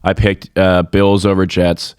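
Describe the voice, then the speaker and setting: A man's voice: low-pitched, level tone, unhurried, a little mellow, clean tone, no room sound, clean studio sound. A young man co-hosting a sports podcast, joking around, laughing often and acting out quotes in casual chat. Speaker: podcast co-host.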